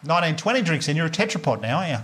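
An Australian man in his thirties doing a stand-up comedy set, telling a story quickly and acting out the dialogue. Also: on the high side, very animated, noisy background. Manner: fast storytelling with acted-out dialogue. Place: live comedy venue before an audience.

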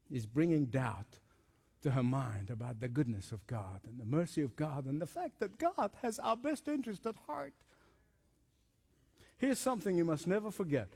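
A male pastor preaches in an emphatic, conversational way and leans on repetition. His voice sits high and moves up and down a lot. It rings out with a long reverb in a church hall. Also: a little mellow. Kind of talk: sermon.

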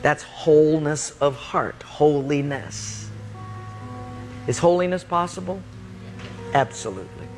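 A man preaching a sermon, telling a personal story and acting out the voices, dropping low and quiet to quote God. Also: slow, long pauses, soft background music.

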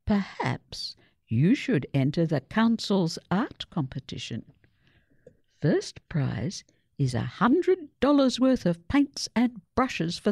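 An encouraging schoolteacher coaxes a shy pupil along, as a woman reads her part. She speaks slowly, with a husky, gravelly voice. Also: on the low side, mellow, no echo, studio quality, pitched above the performer's own voice, exaggerated voice. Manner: encouraging, teasing.

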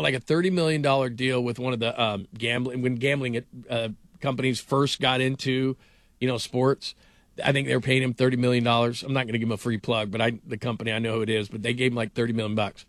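A middle-aged man with a medium-pitched voice hosts a sports radio show, recorded dry and at studio quality. He's an animated, rambling storyteller whose casual talk is full of fillers.

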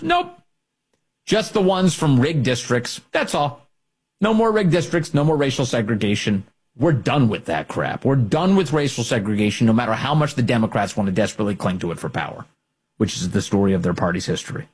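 A man's voice: on the high side, very animated, a little fast, husky. A man hosting a political opinion monologue, combative and sarcastic. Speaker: political commentary host.

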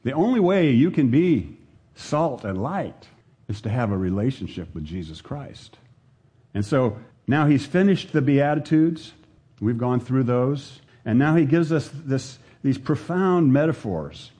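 A man's voice: mid-range voice, lively intonation, unhurried, warm tone, breathy edge. A man preaching a sermon to his congregation, earnest and building, with rhetorical questions to the listeners. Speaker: pastor. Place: church service with a congregation.

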